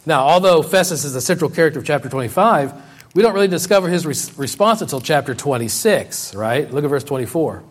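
Talking fast and expressively, a man delivers a sermon, reading and paraphrasing scripture. He goes high and loud for quotations and low and quiet to hammer points home, repeating key phrases.

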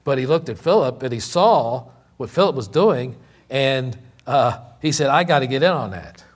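A man's voice: medium pitch, animated. Preacher man repeating points for emphasis. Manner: repeats key lines for emphasis, with many slow, drawn-out words. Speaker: pastor. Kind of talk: sermon.

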